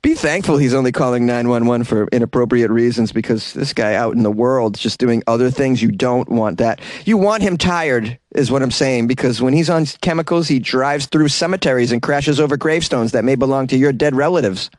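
A man's voice: mid-range voice, a little fast, hardly any pauses, a little mellow, no room sound. A man hosting a comedic news podcast, chatty and joking with wry asides. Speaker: podcast host.

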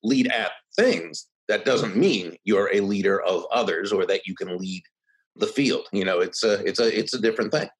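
A man in his sixties, a podcast guest, telling stories in an animated way and acting out quotes. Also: lowish voice, moderate pace, rough recording. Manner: animated, does voices when quoting others. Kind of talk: conversational storytelling.

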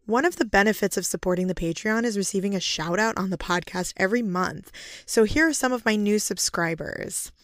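A raspy, hoarse woman hosting her own podcast alone, speaking in an earnest, enthusiastic way. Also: mid-range voice, a little fast, no echo, studio quality. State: hoarse from laryngitis. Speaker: podcast host. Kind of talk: solo podcast monologue.

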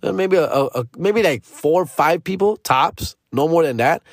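A man's voice: fairly high pitch, animated, normal speed, dry recording, clean studio sound. A man, telling a rambling personal story in casual slang as a comedian. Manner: slangy, rambling, peppered with "dog" and "fool".

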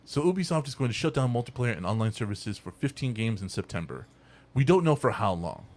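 A young man hosting a casual podcast, telling an animated, profane story and acting out the people in it. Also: medium pitch, fast talker. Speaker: podcast host.

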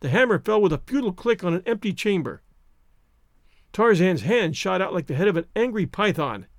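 A man reading an adventure novel aloud as narrator, in a theatrical, expressive way. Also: sits high, brisk, dry recording, clean studio sound. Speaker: audiobook narrator. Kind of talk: scripted narration.

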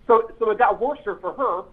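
This former police officer now hosts a podcast, and his very high-pitched voice comes through a tinny line. In casual storytelling chat he rambles, corrects himself, and laughs while telling his stories.

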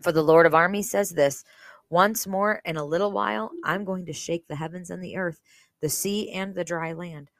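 Low-voiced woman reading scripture. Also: moderate pace, no room sound. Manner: earnest, conversational, many fillers. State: briefly emotional. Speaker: Bible reading podcast host. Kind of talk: casual Bible reading with commentary.

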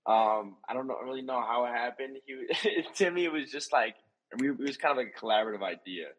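A man's voice: mid-range voice, animated, fairly quick, a bit bright, a little hiss or hum, low-quality recording. A young man and reality show contestant chatting casually in an interview, telling stories in a laid-back way with laughter. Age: young adult.

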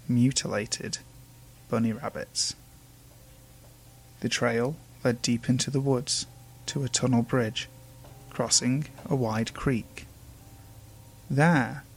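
A man narrating urban legends in a measured, hushed, ominous way. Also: medium pitch, gravelly. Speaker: storyteller. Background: faint music.

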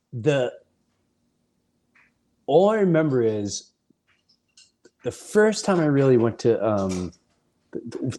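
A man hosting a podcast, telling animated, rambling off-the-cuff stories that wander off on side paths. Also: on the low side. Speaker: podcast host, comedian. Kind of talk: off-the-cuff storytelling.

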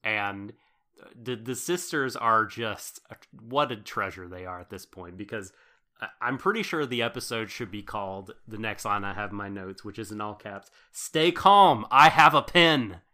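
A man's voice: lowish voice, normal speed, bright, forceful tone. A man co-hosting a podcast, recapping a show episode in casual chat, rambling with fillers and laughing often. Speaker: podcast co-host.

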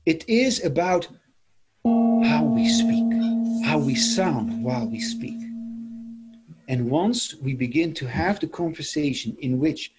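A man's voice: medium pitch, a little mellow, slightly rough. A middle-aged man from the Netherlands, talking in a reflective interview, musing and repeating his phrases. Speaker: interview guest, former seminar leader.

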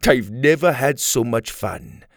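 A man's voice: mid-range voice, sing-song, unhurried, vocal fry, dry recording, studio quality. A man voicing a playful, menacing male villain in a children's audio story. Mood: teasing. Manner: teasing, then threatening.

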